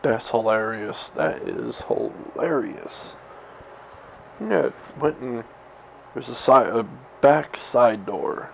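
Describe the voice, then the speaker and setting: A man's voice: mid-range voice, slow, vocal fry. A man in his thirties telling a story straight to his camera at home, rambling, swearing and laughing at himself. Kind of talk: candid personal vlog monologue. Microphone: camera mic. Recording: slightly dull lo-fi camera audio with faint hiss.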